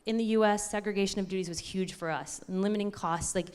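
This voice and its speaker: A woman giving an excited, chatty conference talk, often correcting herself as she goes. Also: medium pitch, fast talker, smooth. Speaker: conference speaker.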